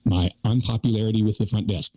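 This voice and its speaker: A man podcasting on a livestream, talking in a halting, self-pitying way that trails off. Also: lowish voice, steady tone, dark tone, breathy edge, no echo, rough recording. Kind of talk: livestream talk asking for donations.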